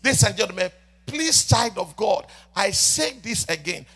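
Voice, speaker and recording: High husky-voiced preacher man yelling then dropping soft, gravelly, faint music under it. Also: sing-song, normal speed. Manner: swings between shouting and soft murmured prayer; repeats "ladies and gentlemen" often. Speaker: prophet preaching. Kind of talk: sermon.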